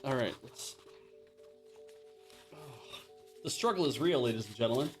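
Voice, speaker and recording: A man's voice: mid-range voice, animated, normal speed, faint music behind. Rambling man hosting a stream. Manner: rambling, self-mocking, swears casually. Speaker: livestream host. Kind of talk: casual chat while unboxing and playing games.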